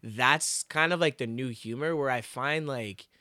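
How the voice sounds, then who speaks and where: A man's voice: mid-range voice, measured pace, bright, forceful tone, dry recording, clean studio sound. A man chatting casually, rambling with constant fillers and acting out the people he describes. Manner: rambling, full of "like", acts out quoted voices. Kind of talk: casual chat.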